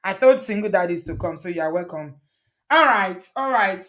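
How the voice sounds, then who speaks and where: A middle-aged woman hosts a relaxed live-stream conversation. She is chatty and teasing and laughs easily between points. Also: mid-range voice, normal speed. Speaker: host. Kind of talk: casual live-stream chat.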